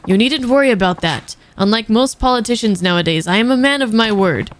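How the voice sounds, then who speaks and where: A formal, measured older politician, read aloud by a woman streamer. The voice sits fairly high for the part, and faint noise sits behind it. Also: expressive, lightly acted. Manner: reads game subtitles aloud, formal and measured.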